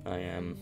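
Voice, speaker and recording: Low-voiced man rambling over gameplay. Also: creaky, darkish tone. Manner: rambling, self-mocking, chuckles often. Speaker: gameplay commentator. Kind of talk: casual post-recorded game commentary.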